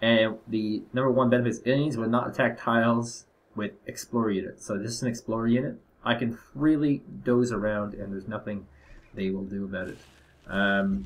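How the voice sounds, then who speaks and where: A man's voice: lowish voice, fairly even intonation, moderate pace, a little hiss or hum. Rambling young man narrating gameplay. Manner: rambling, hesitant with many fillers. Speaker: gameplay commentator. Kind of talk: casual let's-play commentary.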